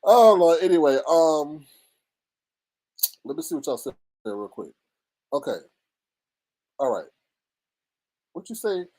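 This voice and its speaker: Animated gossiping livestream man. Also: fairly high pitch, slow pace, long pauses. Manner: animated, dramatic, laughs a lot. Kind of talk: casual gossip commentary reading chat.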